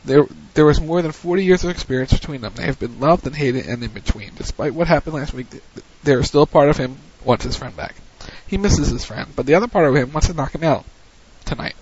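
A man's voice: a little high, lively intonation, darkish tone, slightly rough. A man hosting a wrestling recap, retelling the action play-by-play in a casual way. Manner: recounts events in a hurried play-by-play, with frequent restarts. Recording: dull lo-fi audio.

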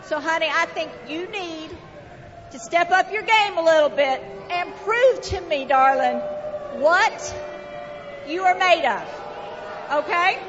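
A woman's voice: very high voice, lively intonation, slow, long pauses, background noise. A woman with a Southern US accent, owner of a wrestling promotion, laying out matches and calling the men darling and honey. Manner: bossy, sprinkles in darling and honey. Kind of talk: wrestling promo in front of a live crowd. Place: arena. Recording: muffled arena broadcast with loud crowd.

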